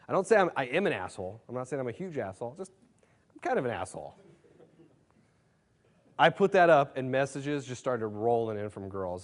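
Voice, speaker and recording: A man's voice: mid-range voice, lively intonation, fast talker. A man presenting a dating seminar in a brash, casual storytelling way, swearing freely and leaning on fillers. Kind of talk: casual seminar talk to a live room.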